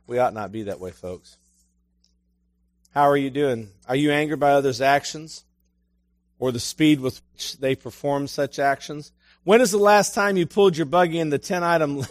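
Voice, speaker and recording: Middle-aged male preacher, chatty sermon delivery, slightly raised pitch, dry close recording. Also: dry recording. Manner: conversational storytelling, asks the listeners questions.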